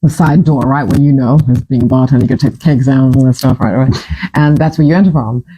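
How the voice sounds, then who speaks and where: A woman's voice: a bass voice, quick pace, a little hiss or hum, poor audio. A middle-aged woman, a singer telling stories from her past in a casual monologue, laughing often and acting out what people said. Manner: animated, laughs often, acts out quoted voices. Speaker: singer and storyteller.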